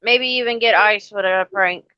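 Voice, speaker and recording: A woman's voice: medium pitch, moderate pace, pushed and bright, dry recording. A woman hosting a casual live chat, blunt and salty, talking firmly to her dogs between questions. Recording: dry, slightly muffled lo-fi audio.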